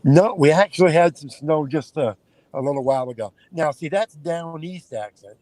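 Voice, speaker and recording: A man's voice: on the high side, normal speed, darkish tone, low-quality recording. A man from Maine calling in as a guest on a live stream, chatting in a folksy way while driving. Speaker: guest caller. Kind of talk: casual chat. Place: in a car.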